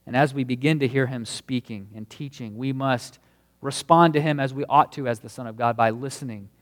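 A man's voice: medium pitch, fairly quick, a bit bright. Man preaching in a reverberant hall. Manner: earnest, emphatic preaching with stresses on key words. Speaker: pastor. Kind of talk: sermon.

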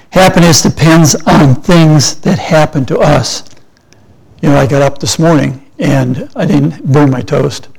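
A man's voice: fairly high pitch, creaky, darkish tone, low-quality recording. An older man preaching a sermon in a conversational way, often asking and answering his own questions.

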